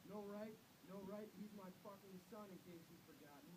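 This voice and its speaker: A man voicing a desperate father who shouts in fury and pleads, played from an audiobook heard far off. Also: high-pitched, fairly even intonation, a little fast, heavy background noise, lightly acted. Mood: furious. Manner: loud furious shouting, then tearful pleading.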